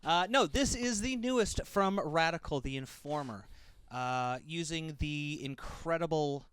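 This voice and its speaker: A man's voice: fairly high pitch, unhurried, a bit bright, clean tone, no room sound. A man co-hosting a casual review chat, jokey and a bit rambling. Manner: jokey, chatty, slightly rambling. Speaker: co-host of a review show.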